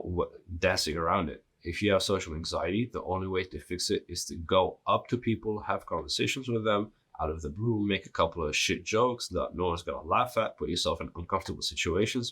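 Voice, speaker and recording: Deep husky man, blunt podcast host. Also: a bit bright. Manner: blunt, profane, joking. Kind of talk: casual solo podcast.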